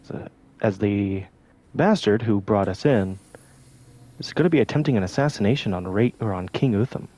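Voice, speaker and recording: A man playing a tabletop game, speaking in a measured, formal way. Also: fairly low pitch, lively intonation, warm tone. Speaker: player.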